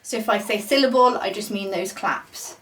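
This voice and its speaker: A woman's voice: mid-range voice, normal speed, fairly bright tone, recorded from a distance. A young adult woman leading a beginner poetry workshop, explaining patiently with many ums. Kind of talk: casual beginner lesson. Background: guinea pigs chewing.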